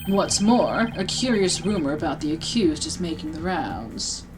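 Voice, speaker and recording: A woman voicing a smug male prosecutor from a courtroom game, in a put-on British accent with a lowered, sneering delivery. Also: expressive, measured pace, over music, low-quality recording. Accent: mock British.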